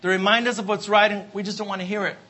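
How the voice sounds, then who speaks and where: A man's voice: sits high, fairly even intonation, racing, pushed and bright. A man preaching a sermon, emphatic and repetitive, asking for amens. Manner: emphatic, repeats refrains, asks the congregation for amens.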